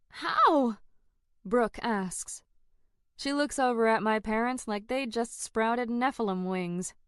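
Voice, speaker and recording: A woman narrating a first-person fantasy audiobook in an expressive, dramatic way. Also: medium pitch, clear, resonant tone, no echo, clean studio sound.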